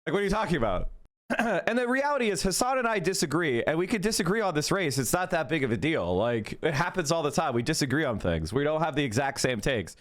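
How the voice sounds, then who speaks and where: A man's voice: a little high, big pitch swings, fast talker. A man streaming political talk to his chat, arguing in a blunt, profane and mocking way. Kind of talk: live-stream rant to chat.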